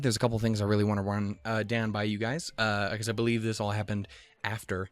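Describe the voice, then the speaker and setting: A man's voice: lowish voice, fairly quick, no echo. A young man hosting an anime reaction channel, rambling casually, swearing often and laughing at himself, a little out of breath. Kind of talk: casual chat.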